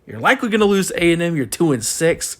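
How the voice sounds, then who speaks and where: A man's voice: on the high side, sing-song, fast, a bit bright. A young man giving a frustrated postgame rant as a college football fan, repeating himself and ranting.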